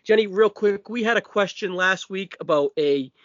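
A man with a Massachusetts accent hosting a podcast, his voice riding high for a guy. He talks brash and a little profane, tossing in quick asides. The sound is dull and lo-fi, close and dry. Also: a bit bright, no echo. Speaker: podcast host. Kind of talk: casual wrestling podcast chat.

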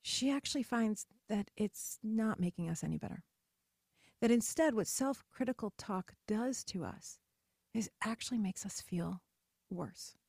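A middle-aged woman hosting a podcast, talking in a chatty, animated way and acting out the voices she quotes. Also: medium pitch, unhurried, vocal fry, slightly rough, no room sound, clean studio sound. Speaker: podcast host. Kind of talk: casual solo podcast monologue.

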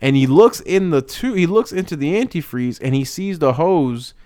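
A man's voice: on the high side, normal speed, no room sound, studio quality. A young man telling a long, profane, joking story in a casual chat. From Hispanic family, father speaks Spanish. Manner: animated, profane, jokey storytelling.

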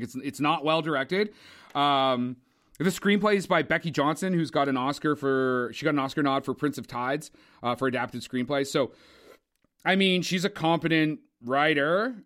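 On a podcast, a young male co-host reviews a film at a moderate pace, his voice on the high side with a fairly bright tone. The take is casual, opinionated, and profane, full of meandering digressions.

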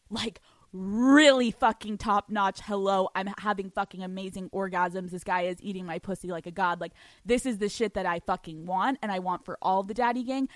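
A woman's voice: medium pitch, no room sound. A young woman hosting a solo podcast, telling a story in a brash, profane way with frequent laughter. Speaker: podcast host.

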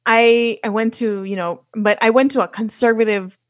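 A woman's voice: fairly high pitch, steady tone, normal speed, no room sound. A young woman from the United States, a podcast guest, talking casually with lots of fillers and restarts. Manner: storytelling with many fillers and restarts. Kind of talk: casual conversation.

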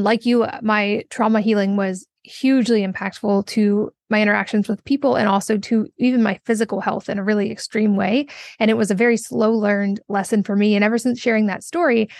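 A woman host on a podcast interview, thoughtful and fluent as she builds long, flowing questions. Her voice sits at a middle pitch and is recorded dry and close, with no room sound. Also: darkish tone, dry recording.

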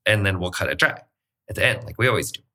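Guy in his 30s dishing a salon story, bright voice, super animated, says like a lot. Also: low-pitched. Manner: animated, fast, lots of "like", acts out quotes. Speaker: podcast guest. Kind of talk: storytelling in casual chat.

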